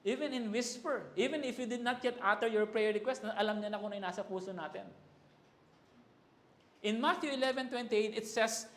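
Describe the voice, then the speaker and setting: Preacher in an echoey hall. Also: male voice, high voice, a little fast. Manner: switches between English and Tagalog, rises to loud emphasis on quoted cries. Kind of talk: sermon.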